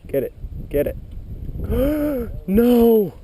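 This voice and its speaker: An excitable man narrating his own fishing trip outdoors, talking to viewers and cheering at every bite. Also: mid-range voice, normal speed, slight background noise. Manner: excitable, gasps and cheers at bites. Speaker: fishing vlogger. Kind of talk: excited outdoor vlog commentary. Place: outdoors by a pool of water.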